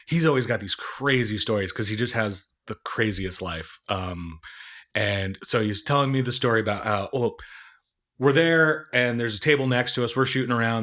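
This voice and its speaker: A middle-aged man, a comedian guest, telling a story in casual chat and jumping up in pitch when he quotes people. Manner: animated storyteller, jumps high for quoted lines.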